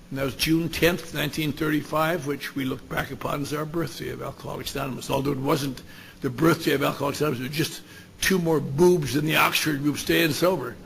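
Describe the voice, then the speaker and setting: Man, gravelly, fairly high voice, blunt wry storyteller, salty language. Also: fairly even intonation, fast, a bit bright. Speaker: speaker at a recovery meeting. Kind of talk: storytelling talk.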